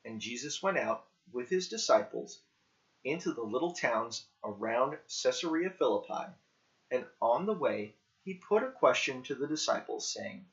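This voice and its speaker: A man reading scripture aloud slowly and carefully, in simple language for learners. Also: mid-range voice, lively intonation, a bit bright. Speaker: scripture reader. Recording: dull lo-fi recording.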